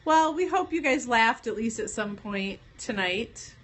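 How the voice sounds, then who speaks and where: A woman's voice: fairly high pitch, expressive, measured pace, a bit bright. A woman co-hosting a late-night livestream, chatting casually and playfully and laughing often. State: pregnant. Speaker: livestream co-host.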